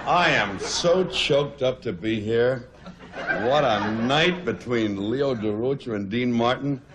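A man from Brooklyn, firing off brash roast jokes on a noisy 1970s TV broadcast with an audience. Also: medium pitch. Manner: brash, rapid-fire wisecracking. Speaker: comedian roaster.

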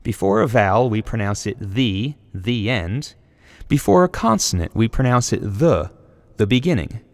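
A man's voice: on the low side, lively intonation, in a large hall. A man narrating a scripted video essay, carefully sounding out example words one by one. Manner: slow, deliberate word-by-word pronunciation.

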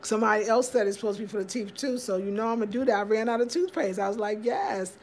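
A woman's voice: mid-range voice, fast talker, darkish tone, a little hiss or hum. A woman hosting a casual livestream from home, chatting upbeat and greeting viewers by name as she reads their comments. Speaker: livestream host.

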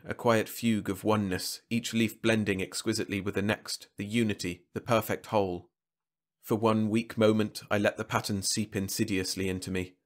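A man narrating a science fiction short story aloud in a measured, dramatic reading. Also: on the low side.

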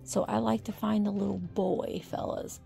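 A woman's voice: medium pitch, little pitch movement, normal speed, creaky, warm tone, faint music behind. A middle-aged woman chatting casually as she browses an antique mall, thinking aloud and reading out prices. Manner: chatty, thinks aloud while pricing items. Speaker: vintage reseller vlogger. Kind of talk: casual shop-along narration.

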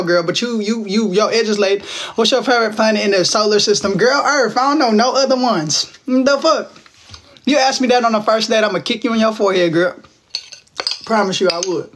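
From his home, a man in his twenties from Texas runs a casual livestream on his phone, where he teases viewers and fields their comments in playful slang. He has a high voice with a fairly bright tone.

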